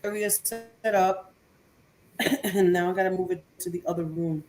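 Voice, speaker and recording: A woman's voice: fairly low pitch, fairly even intonation, normal speed, crowd noise. A woman co-hosting a casual livestream, reading viewer comments aloud and greeting viewers by name. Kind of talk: casual chat. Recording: echoey room with clear background noise.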